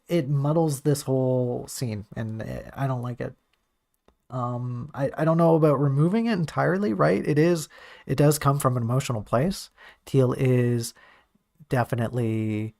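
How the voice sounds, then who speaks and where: A man with a gravelly, creaky voice talks through his own writing on a casual stream. He thinks aloud and is quick to poke fun at himself. His pitch sits in the middle range for a man. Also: darkish tone. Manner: thinking aloud, self-critical and joking. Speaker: writer reviewing his own draft on stream.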